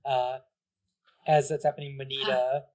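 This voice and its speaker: A man running a tabletop game as game master. He narrates casually, stringing events together with plenty of "like"s and small pauses. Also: medium pitch, flat delivery, darkish tone. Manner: casual, filler-heavy narration with many "like"s.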